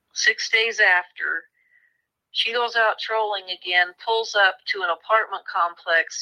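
A woman's voice: on the low side, sharp tone, poor audio. A woman, a true crime author, recounting a case in an interview with vivid retelling and small restarts. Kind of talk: storytelling interview.

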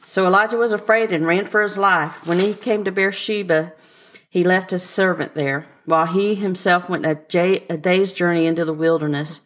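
A woman's voice: lowish voice, steady tone, moderate pace, a little hiss or hum. A woman co-hosting a podcast, reading scripture aloud and then talking it over in casual chat. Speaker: podcast co-host. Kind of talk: casual Bible study chat.

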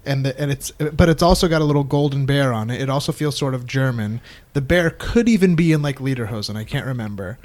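A man's voice: mid-range voice, fast, a little mellow. A man co-hosting a podcast in casual, playful chat. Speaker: podcast co-host.

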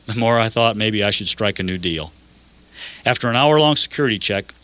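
An older man narrating a first-person story in an earnest, measured way. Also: medium pitch, pushed and bright.

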